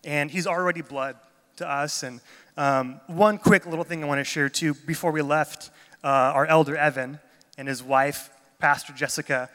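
Bright-voiced man preaching in a hall. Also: a little high, steady tone, moderate pace. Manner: chatty, enthusiastic storytelling. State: jet lagged. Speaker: pastor. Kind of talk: casual sermon talk. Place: church gathering. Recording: long reverb of a large hall.

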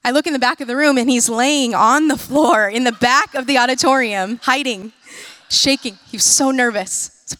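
A woman in her thirties from the United States giving a sermon-style talk, telling lively, self-mocking personal stories with quick asides. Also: sits high, dry recording. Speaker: speaker.

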